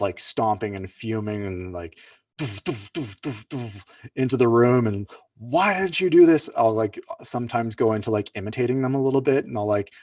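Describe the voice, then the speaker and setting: A man's voice: fairly low pitch, darkish tone, no echo, studio quality, far from the mic. A man presenting at an online workshop, talking loosely with many fillers and restarts. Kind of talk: casual online teaching talk.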